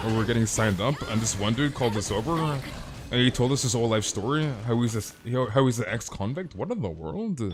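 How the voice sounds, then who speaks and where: A man's voice: medium pitch, a little hiss or hum. A young man streaming a game who chats casually with viewers, rambling, stammering over repeated words and saying "dude" constantly.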